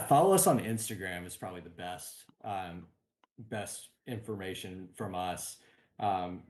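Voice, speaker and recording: A man, a board game company guest, talking in an upbeat, relaxed way over a video call, with many ums. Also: lowish voice. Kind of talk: casual interview chat. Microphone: remote video call.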